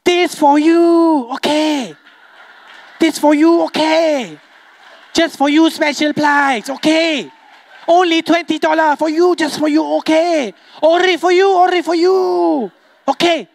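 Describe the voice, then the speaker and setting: Guy doing a high sing-song shopkeeper, pushy and wheedling, loud, dry sound. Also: fairly even intonation, slow pace, vocal fry, no echo, full character voice. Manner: sing-song, repeats "okay" and "for you". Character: pushy male shopkeeper haggling over prices.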